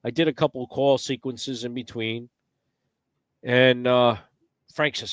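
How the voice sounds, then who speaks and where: A man telling a hunting story in casual podcast chat, animated and profane, acting out the quotes. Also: medium pitch, moderate pace, pauses often, no room sound, clean studio sound. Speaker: podcast guest.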